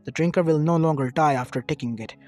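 A man reading out a proud, resentful village leader who boasts and sneers. The voice is slightly high-pitched, with soft lo-fi music in the background. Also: fast talker, natural voice. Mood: scheming. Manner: boastful, taunting. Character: arrogant bitter male village leader.

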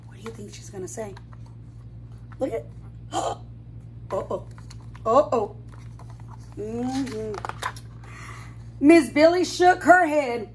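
A woman's voice: on the high side, animated, slow pace, long pauses, slightly rough. Sing-song woman reading a storybook aloud. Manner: asks children questions, warm sing-song asides. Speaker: preschool teacher. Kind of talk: storybook read-aloud for children.

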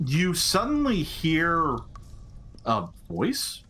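Bright, animated game master man. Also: fairly high pitch, extremely slow, slightly rough. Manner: rambling, many fillers and restarts. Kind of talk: narrating a tabletop game.

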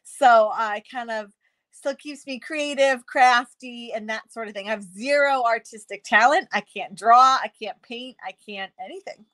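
A woman's voice: on the high side, moderate pace, fairly bright tone. A woman hosting a live crafting stream, chatty and bubbly, greeting viewers by name and laughing often. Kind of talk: casual live-stream chat.

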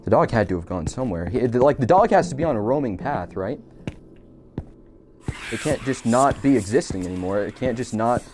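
A man's voice: medium pitch, expressive, normal speed, very noisy. A man giving jokey, profane commentary while playing a horror game, nervous and talking to himself. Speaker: gamer.

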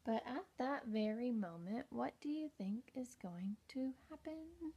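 Slow, gentle woman reading to kids. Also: a little high, slightly rough, lo-fi sound. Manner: gentle, slow and expressive, asking the listener questions. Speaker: teacher. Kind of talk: reading a picture book aloud to young children.

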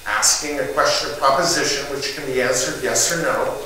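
A middle-aged man giving a motivational talk to a live group, an animated storyteller who acts out the people in his story and shouts their lines. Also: mid-range voice, fairly quick. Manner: animated storyteller acting out neighbors with loud shouted voices. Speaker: motivational speaker. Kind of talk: storytelling keynote speech. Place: event hall in front of a live group. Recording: distant echoey hall recording with noise.

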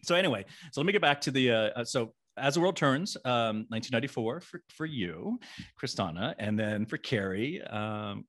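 A man's voice: medium pitch, expressive, moderate pace, a bit bright. A man in his forties hosting a casual interview, chatty and playful, often rambling through restarts. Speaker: podcast host interviewing guest actresses.

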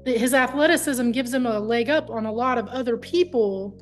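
A woman co-hosting a casual reality TV chat, agreeable and quick to chime in, giving measured opinions. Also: a little high, faint music behind.

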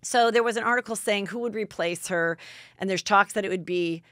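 Woman, podcast host, casual gossip chat, mid-pitched voice, dry close sound. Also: brisk, fairly bright tone, no room sound. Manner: chatty storyteller, acting out quotes.

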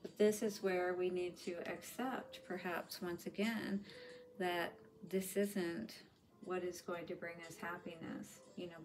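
A woman's voice: on the low side, a little hiss or hum. Chatty woman giving a tarot reading. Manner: chatty, reassuring, full of fillers like "you know". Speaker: tarot reader.

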